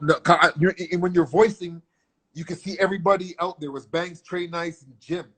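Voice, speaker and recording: A middle-aged man from Canada, telling stories as a guest in a casual interview, animated and profane, acting out what others said. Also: fairly high pitch, normal speed. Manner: animated, profane storyteller who acts out quotes. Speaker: guest artist.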